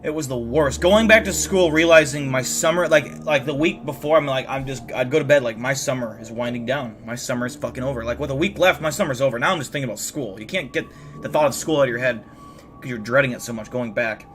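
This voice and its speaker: This young man speaks fast in a mid-range, slightly bright voice. Hosting a livestream while tired and yawning, he chats casually and profanely with his audience, responding to messages in a rambling way with lots of false starts.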